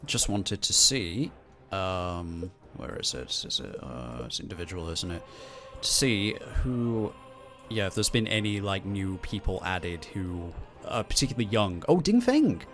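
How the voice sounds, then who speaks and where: Male co-host, lowish voice, wry and grumbling, faint game music behind. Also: big pitch swings, unhurried, a bit bright. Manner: wry, grumbles and curses in mock despair. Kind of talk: casual gameplay commentary.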